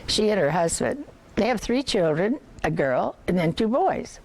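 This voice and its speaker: An older woman reading a novel aloud to listeners, measured, with occasional slips and restarts. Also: mid-range voice, sing-song, a little mellow, slight background noise. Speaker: reader.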